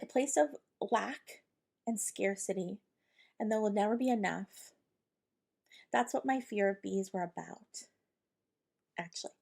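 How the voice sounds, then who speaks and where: Gravelly-voiced woman, chatty spiritual host. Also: medium pitch, a little mellow. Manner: chatty and rambling, with many fillers and quoted inner dialogue. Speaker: podcast host, intuitive channeler. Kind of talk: casual spiritual monologue.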